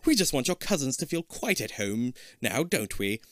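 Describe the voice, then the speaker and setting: A man voicing a middle-aged dad who hams up a fake British accent in a loud, singsong, theatrical way. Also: mid-range voice, sing-song, normal speed, no room sound, studio quality. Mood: hammy.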